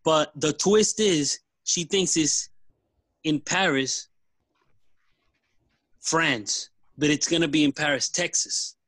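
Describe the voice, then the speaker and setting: A man pitching a movie idea in a casual group brainstorm, animated and rambling with restarts. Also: slow, pauses often, dry recording.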